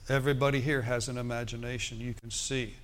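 A man preaching a sermon, animated and quoting scripture, calling out for amens. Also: mid-range voice, quick pace.

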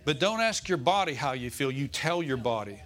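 A man preaching a sermon as pastor, calling out to the congregation and slowing down to stress scripture verses. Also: medium pitch, sing-song, a bit bright. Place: church.

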